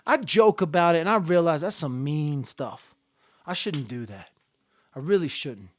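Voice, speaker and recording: Man, live-stream host, rambling, joking, mid pitch, dry close sound. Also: animated, normal speed, no echo. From Ireland. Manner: rambling, joking, swings between muttering and loud. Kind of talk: casual live-stream commentary.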